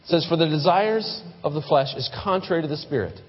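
A man's voice: fairly high pitch, fairly quick, slightly rough. A man preaching a sermon as pastor, speaking conversationally and often repeating his first words. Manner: conversational, repeats words when starting sentences. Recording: dull lo-fi sound with long hall reverb.

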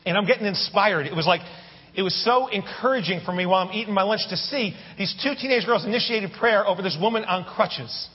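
A pastor with a high, husky voice tells a lively story from the pulpit, tossing jokes to the congregation. He sounds a little muffled, and a long reverb trails his words through the hall. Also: a little fast. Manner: animated, anecdotal with humorous asides to the congregation. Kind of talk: sermon storytelling.

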